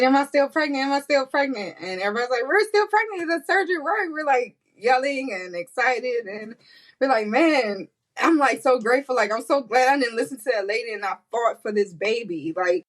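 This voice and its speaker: A woman guest on a podcast, telling a personal story with animated quoted voices and frequent laughter. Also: rough recording. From United States. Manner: animated, acts out quotes with high pitch, laughs often. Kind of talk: emotional storytelling interview.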